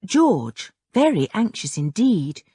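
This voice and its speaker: A woman reading a children's novel aloud as an audiobook narrator, with expressive storytelling. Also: medium pitch, takes it slowly, slightly rough, dry recording, studio quality.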